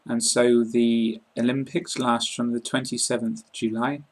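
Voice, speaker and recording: A British man with a slightly husky voice, calmly explaining things in an online English lesson. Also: mid-range voice, a little slow, low-quality recording. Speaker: English accent teacher.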